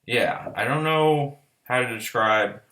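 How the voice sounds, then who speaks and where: A man's voice: medium pitch, slow, sharp tone. A man giving a casual, rambling, profane and enthusiastic album review in a vlog. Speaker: music reviewer.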